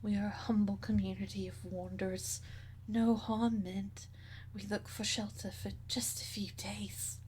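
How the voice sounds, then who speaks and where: A woman voicing a humble wanderer who pleads for shelter in a hushed, whispery voice. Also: medium pitch, level tone, measured pace, a little hiss or hum, natural voice. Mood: pleading.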